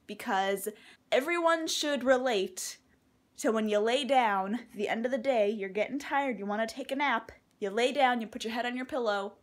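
A young woman talking casually at home about her to-do lists, chatty and rambling. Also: on the high side. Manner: chatty, rambling, laughs at herself. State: out of breath. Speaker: vlogger. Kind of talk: casual vlog chat. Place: at home, indoors.

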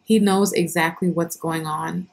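A woman hosting a short devotional, reading scripture and reflecting on it in an earnest, unhurried way with frequent pauses and restarts. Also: lowish voice, steady tone, creaky. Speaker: devotional host.

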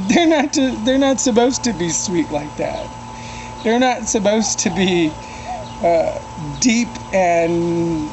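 A man's voice: high voice, darkish tone, a little hiss or hum, low-quality recording. Earnest, emotional man in his forties. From Fresno, California. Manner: earnest, rambling with many ums and restarts. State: a little emotional. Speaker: vlogger father. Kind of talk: heartfelt video monologue.

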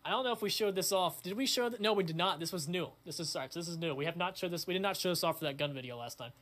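A young man hosting his own channel, chatting casually in a crude, excitable way, swearing often. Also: high-pitched, very fast. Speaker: channel host. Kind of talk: casual vlog chat.

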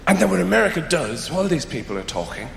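A man's voice: on the high side, very animated, fast, gravelly, very noisy. A man doing a stand-up routine, wry and rambling, slipping into put-on voices, recorded on a stage with audience laughter. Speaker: stand-up comedian. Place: comedy venue stage. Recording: echoey hall with audience laughter.

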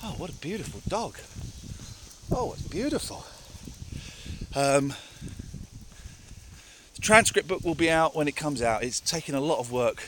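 A man's voice: medium pitch, fairly bright tone, a little hiss or hum. A man live-streaming from a countryside walk, talking candidly to viewers and sometimes out of breath from the climb. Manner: candid, emphatic, repeats phrases for effect. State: out of breath from walking uphill. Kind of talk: casual live-stream chat, answering viewers. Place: outdoors on a rural hill walk.

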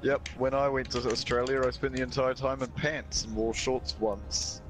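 A man's voice: mid-range voice, steady tone, moderate pace, over music. A man chatting in an online game with friends, telling rambling, dry stories. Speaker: gamer friend. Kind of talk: casual gaming chat. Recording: noisy voice chat.

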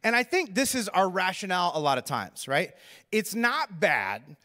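A pastor with a high, fairly quick voice delivers a sermon, animated and conversational as he pokes fun at himself in a humorous story. He addresses the congregation directly, and the church auditorium gives the recording a reverberant sound.

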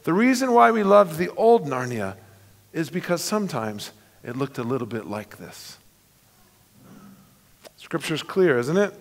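A man preaching a sermon as pastor, earnest and storytelling, building emphatic lists. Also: fairly high pitch. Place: church sanctuary. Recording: long reverb of a church hall.

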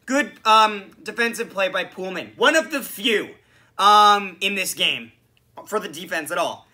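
A man hosting a solo hockey podcast, ranting about a loss with sarcasm and swearing, a bit hoarse from screaming. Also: high-pitched, a little slow. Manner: animated, swearing, frustrated, sarcastic. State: losing his voice from screaming. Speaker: podcast host. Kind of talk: solo sports reaction rant.

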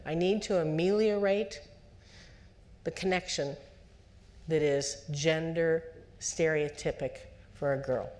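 A woman psychologist giving a lecture to parents at a conference, lively and conversational, putting on the voices of parents and children and asking the audience questions. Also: sits low, slow, long pauses. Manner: asks the audience direct questions.

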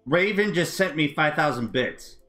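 A man live-streaming a racing game, chatting casually and reacting with excitable exclamations. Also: fairly high pitch, normal speed, faint music behind. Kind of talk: casual live-stream chat while gaming.

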